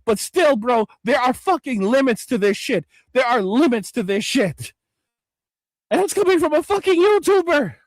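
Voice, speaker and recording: A man with a very high voice for a man, ranting in exasperation and swearing constantly as he reacts to videos on stream. The sound is dry and close, with no room around it. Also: expressive, normal speed, no room sound. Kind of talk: profane reaction rant.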